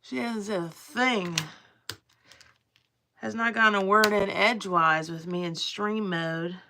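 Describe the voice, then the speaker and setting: A woman's voice: mid-range voice, slow, pushed and bright, slight background noise. A woman live streaming from home while crafting, rambling casually and swearing freely as she chats to her viewers. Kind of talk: casual livestream chat to viewers.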